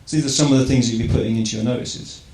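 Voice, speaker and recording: Rapid-fire and creaky, yet a little mellow, this English man's medium-pitched voice stays fairly even as he addresses a crowd. The echoey hall carries faint ambience, and his conversational talk is peppered with rhetorical questions and "right?"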